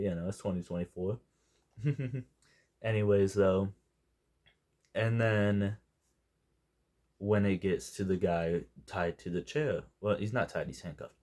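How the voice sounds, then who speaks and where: Deep, mellow young man rambling. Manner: rambling, goes off on tangents, jokey. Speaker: movie reviewer. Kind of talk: casual unscripted review.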